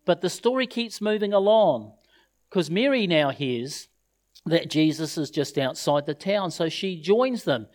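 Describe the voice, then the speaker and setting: A man's voice: on the high side, a little slow. Man preaching a funeral sermon. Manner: expressive storytelling, quoting scripture.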